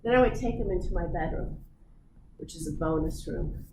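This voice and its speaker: A middle-aged woman teaching physiology to a class, telling animated stories and acting them out. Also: on the low side, moderate pace. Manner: animated, acts out her stories. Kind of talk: classroom lecture with storytelling. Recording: echoey room, audible room noise.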